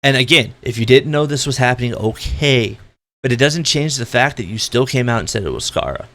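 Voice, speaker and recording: A man in the middle of a blunt, exasperated rant for his vlog, swearing freely. His voice sits at an ordinary middle pitch. He jumps up in bursts, then sinks back into weary, slower stretches. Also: animated, fairly bright tone. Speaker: esports commentator. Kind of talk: ranting opinion vlog.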